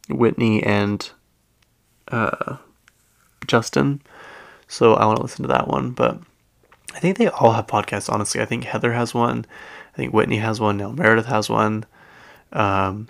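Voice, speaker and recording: Low gravelly-voiced man rambling casually. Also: fairly even intonation, moderate pace, pauses often, fairly bright tone. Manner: rambling, filler-heavy, self-correcting. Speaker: podcast host. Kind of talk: casual chat.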